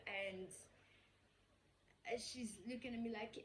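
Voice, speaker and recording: A woman's voice: mid-range voice, steady tone, measured pace, long pauses, a little mellow, slight background noise, low-quality recording. A woman vlogger casually telling a personal story, rambling with lots of fillers and acting out the quoted dialogue. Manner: rambling, heavy on fillers like "like" and "you know".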